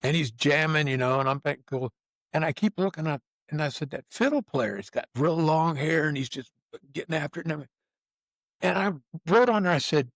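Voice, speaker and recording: A man's voice: a little high, normal speed, fairly bright tone, dry recording. A man in his fifties or older, hosting a podcast, telling long rambling stories in casual chat with swearing and acted-out quotes. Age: 50s or older. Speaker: podcast host.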